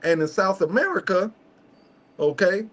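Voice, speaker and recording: A man's voice: high voice, very animated, a little slow, fairly bright tone. A man hosting a casual podcast chat, making emphatic points in slangy, conversational speech and checking in with "okay?" again and again. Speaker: host.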